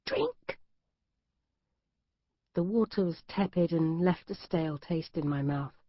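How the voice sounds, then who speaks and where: A woman reads a thriller in the first person, taut and measured. Her voice sits low. The studio sound is dry and a little dull. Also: no echo. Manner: tense first-person reading. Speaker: audiobook narrator. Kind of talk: scripted narration.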